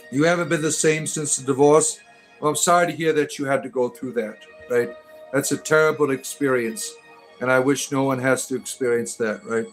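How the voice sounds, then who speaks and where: A man hosting a casual livestream, joking as he reads and answers chat messages and often adding "right?". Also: a little high. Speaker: livestream host reading chat.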